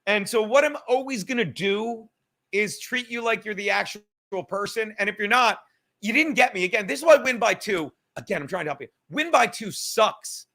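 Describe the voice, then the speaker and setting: A man's voice: sits high, bright, forceful tone. A man hosting a live-stream podcast, reading the chat aloud and ranting in a combative, profane, mocking way from a studio. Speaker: podcast host.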